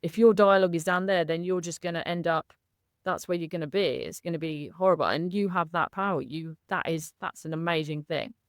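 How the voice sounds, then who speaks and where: A woman speaks candidly as an interview guest, her voice sitting on the low side. She talks in an effusive, emotional way, laughing often. The sound is dry and close. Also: a little fast, clear, resonant tone, no echo. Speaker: coaching client, guest.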